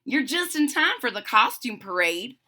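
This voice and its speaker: A woman's voice: fairly high pitch, very animated, moderate pace, bright, forceful tone, heavily acted. A woman voicing a friendly female dog with a Southern US accent in a storybook read-aloud. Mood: welcoming. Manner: welcoming drawl.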